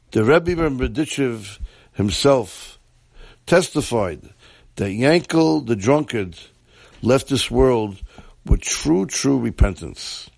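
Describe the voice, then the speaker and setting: A man telling a story in a measured, deliberate way. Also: mid-range voice, animated, gravelly, a little mellow, dry recording.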